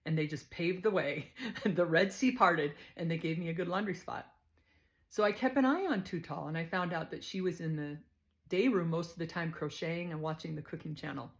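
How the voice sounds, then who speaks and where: Een vrouw met een wat lage stem vertelt losjes en gezellig een persoonlijk verhaal en lacht makkelijk. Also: female voice, fairly low pitch, brisk. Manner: casual, chatty, laughs easily. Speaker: storyteller. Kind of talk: personal storytelling to camera.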